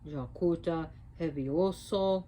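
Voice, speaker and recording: Lower-voiced woman telling a myth casually. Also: slow, a little hiss or hum, low-quality recording. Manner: conversational, animated retelling. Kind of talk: casual storytelling lesson.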